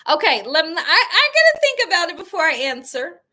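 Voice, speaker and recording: A woman's voice: very high voice, sing-song, a little fast, sharp tone. A woman hosting a cooking channel live stream, chatting casually with viewers, reading their comments aloud and laughing often. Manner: laughs often, emphatic and playful.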